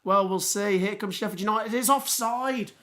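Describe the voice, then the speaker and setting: A man hosting a live football watchalong, hoarse with his voice going, reacting in excited exclamations. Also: sits high, normal speed. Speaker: livestream watchalong host.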